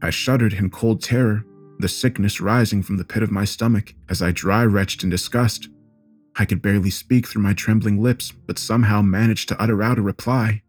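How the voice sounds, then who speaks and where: Low-voiced man narrating a horror story. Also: moderate pace, soft background music. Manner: steady, grave storytelling. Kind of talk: scripted first-person narration.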